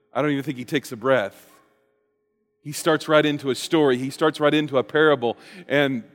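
Pastor, male, animated storyteller, slightly higher voice, church hall echo. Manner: lively storytelling preacher, acts out quotes. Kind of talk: sermon. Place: church sanctuary.

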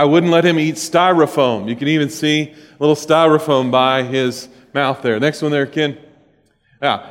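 A man's voice: on the high side, a bit bright. A man in his forties preaching a sermon in a church, joking and telling stories to the congregation. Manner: joking, storytelling, talks to congregation. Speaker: pastor. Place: church sanctuary. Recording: long hall reverb.

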